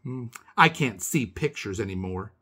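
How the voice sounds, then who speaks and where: Storybook role: a man doing a frail old woman, sharp-tongued and cross, husky edge, lively pitch. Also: heavily acted. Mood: stern. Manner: cross, scolding, slow and stern when teaching.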